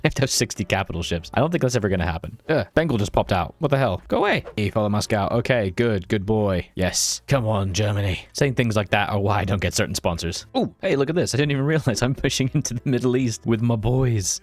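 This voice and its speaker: A man giving casual, chatty commentary on his own strategy gameplay, reacting quickly with exclamations and laughs. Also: lowish voice, no room sound. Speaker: strategy game streamer.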